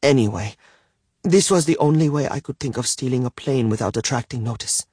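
A man voicing a calm, curt young woman in an audiobook, speaking matter-of-factly. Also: mid-range voice, brisk, breathy edge, dry recording, clean studio sound, pitched above the performer's own voice, natural voice. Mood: dry, blunt. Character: cool-headed young woman, dry and blunt. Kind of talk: audiobook character voice.

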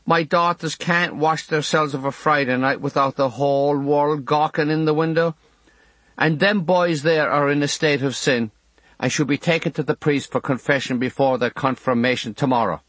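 A man's voice: fairly high pitch, fairly even intonation, normal speed, fairly bright tone, dry recording, pitched above the performer's own voice. A man voicing an indignant middle-aged mother, outraged and self-pitying.

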